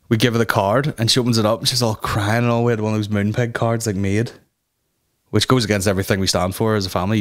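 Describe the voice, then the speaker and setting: A young man tells a long, sweary comic story as a podcast host. His voice sits fairly low, but he often jumps into high mock voices when he quotes other people. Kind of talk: casual comedic monologue.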